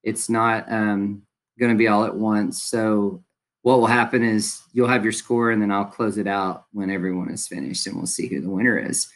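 Young man, teacher, relaxed instructional talk, ums throughout. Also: lowish voice, moderate pace. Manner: casual, friendly, many ums. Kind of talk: recorded classroom instructions.

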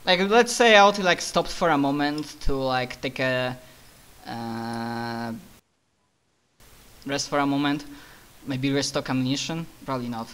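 A man narrating a tabletop game as game master, halting and full of fillers. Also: mid-range voice, fairly bright tone, smooth.

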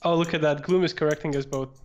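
Man, fairly high voice, easygoing, relaying chat questions. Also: quick pace. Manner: relaxed, suggests steps and relays chat questions. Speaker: product specialist and co-host. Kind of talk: live-stream software tutorial Q&A.

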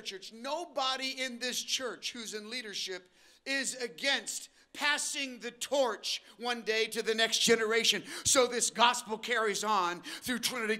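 An older man preaching a sermon to his church, swinging between slow emphatic phrases and quick asides, and briefly acting out the voices of the people he describes. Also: extremely high pitch. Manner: preaching with sudden shifts in pace and loudness, acting out voices of listeners. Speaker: pastor. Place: church auditorium.

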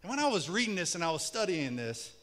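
High-voiced, animated male preacher. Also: fast. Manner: animated, shouts for emphasis, then drops very quiet. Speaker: pastor. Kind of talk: sermon. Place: church sanctuary. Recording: echoey church hall.

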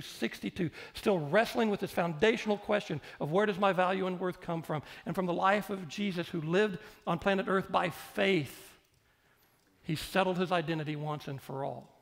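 A man's voice: high-pitched, creaky. A male pastor preaching a sermon, repeating phrases and putting questions straight to the congregation. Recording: long hall reverb.

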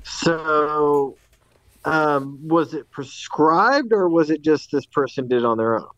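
A man's voice: fairly high pitch, takes it slowly, fairly bright tone, no room sound, highs cut off. A man co-hosting a podcast, asking skeptical questions in casual chat. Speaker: podcast co-host.

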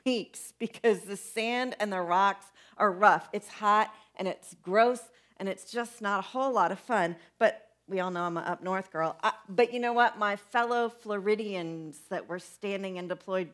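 A young woman pastor preaching a conversational sermon, asking her listeners questions as she goes. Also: medium pitch. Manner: conversational, animated, asks the congregation questions.

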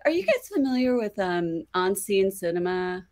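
A chatty woman on a podcast, spilling a story in an excitable rush with frequent laughter and plenty of ums and likes. Her voice sits at an ordinary middle pitch for a woman, and she talks in a loose, casual storytelling way. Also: normal speed. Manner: excitable, laughs often, many fillers. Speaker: podcast guest.

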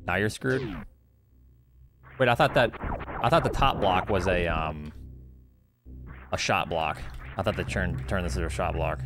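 A man's voice: sits low, unhurried, pauses often, music in the background. A man streaming a game live, giving loose commentary with frustrated swearing and banter. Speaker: streamer and speedrunner.

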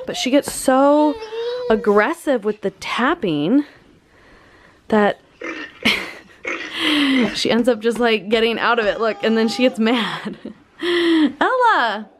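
A woman's voice: fairly high pitch, background noise. Giggly young woman, a bit breathless. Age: late teens. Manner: chatty, giggly, addresses viewers as you guys. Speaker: vlogger. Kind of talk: casual chat to camera.

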